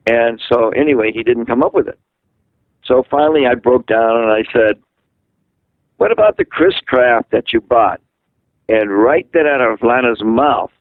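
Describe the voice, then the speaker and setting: A man's voice: mid-range voice, dry recording. An older man from Massachusetts telling long stories in an interview and acting out the voices of people he quotes. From Massachusetts, USA. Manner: animated storyteller who acts out quoted voices. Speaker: interviewee, musician. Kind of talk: rambling storytelling in a phone interview. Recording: tinny phone line, dry.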